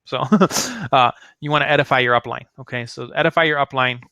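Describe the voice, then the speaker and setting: A man's voice: medium pitch, fairly quick, bright, forceful tone, no echo. A man giving a casual sales training talk, chatty and full of fillers, acting out sample phone lines. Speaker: network marketing trainer.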